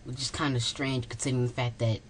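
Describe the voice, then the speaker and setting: Blunt woman with a very deep voice. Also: little pitch movement, quick pace, slight background noise. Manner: blunt, dismissive. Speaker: commentary video maker. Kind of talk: critical video commentary.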